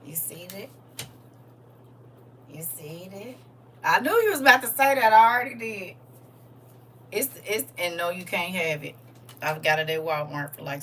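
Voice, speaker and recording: An older woman leads a casual Bible lesson on a livestream, chatting and teasing her viewers as she teaches. Her low, slightly bright voice is recorded on a phone far from the mic, with slight background noise.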